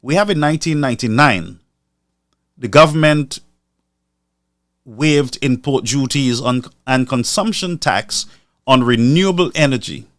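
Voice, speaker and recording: Slow, deliberate man. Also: medium pitch, fairly bright tone, dry recording, studio quality. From Saint Lucia. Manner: deliberate, repeats figures for emphasis. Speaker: commentator. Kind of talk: live stream commentary.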